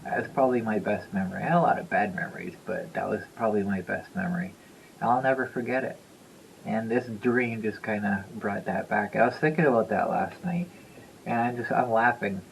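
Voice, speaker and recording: A man's voice: on the low side, brisk, creaky, a little hiss or hum, poor audio. A man in his fifties telling a story to the camera in a loose, rambling way, chuckling and repeating himself. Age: 50s. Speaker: vlogger. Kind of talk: casual storytelling.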